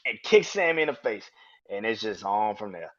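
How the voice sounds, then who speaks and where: A man hosting a podcast, reviewing wrestling in excitable, profane casual chat and laughing often. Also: lowish voice, moderate pace, lo-fi sound, background noise. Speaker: podcast host.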